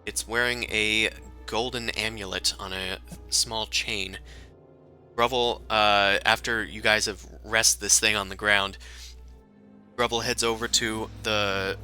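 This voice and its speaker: Slow, bright-voiced man narrating as game master. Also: lowish voice, level tone, faint music behind. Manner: halting, filler-heavy narration.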